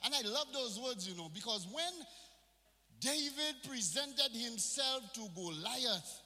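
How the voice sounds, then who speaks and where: A man's voice: very high-pitched, lively intonation, slow, sharp tone, faint music behind. A male pastor preaching a sermon in a church, with call-and-response and phrases mixed in. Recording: reverberant church hall.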